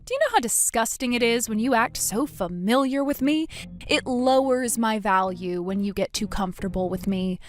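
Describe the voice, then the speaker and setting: A woman storyteller with a fairly high voice, cool and cutting, narrating her own story in the first person. Her delivery stays measured and composed. Light music sits faintly underneath. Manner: cold and cutting in dialogue, calm in narration.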